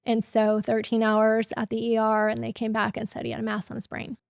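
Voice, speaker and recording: A middle-aged woman speaks as an interview guest, measured and earnest as she recounts a story. Her voice is smooth and fairly high, with a flat, even pitch. The sound is close and dry. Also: no echo. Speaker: guest, company founder.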